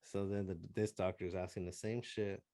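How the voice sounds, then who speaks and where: A man's voice: low-pitched, flat delivery, fairly quick, dark tone, no echo. A man casually telling a crude, profane story to friends, laughing and acting out what others said. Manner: profane, laughing, acts out other people's lines. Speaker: podcast co-host.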